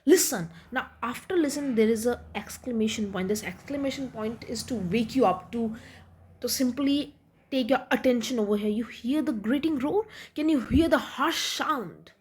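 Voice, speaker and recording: Higher-pitched woman explaining a poem. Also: normal speed, darkish tone, breathy edge. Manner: reads quoted lines, then paraphrases them with restarts and fillers. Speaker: literature teacher.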